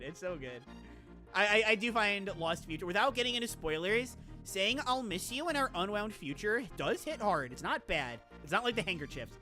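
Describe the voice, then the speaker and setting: A woman VTuber streamer chatting casually on stream, excitable and gushing, laughing often and rambling into asides. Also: lowish voice. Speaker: VTuber streamer reacting to viewer game lists. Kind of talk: casual live-stream chat.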